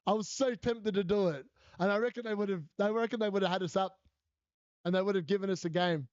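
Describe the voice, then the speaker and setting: A man talks casually on a live stream, laughing often as he tells stories and answers viewers. His voice sits high and comes through dry and close. The audio is slightly dull and lo-fi. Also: moderate pace, pauses often, smooth, dry recording. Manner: chatty storyteller, laughs often, answers chat. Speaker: fantasy football streamer.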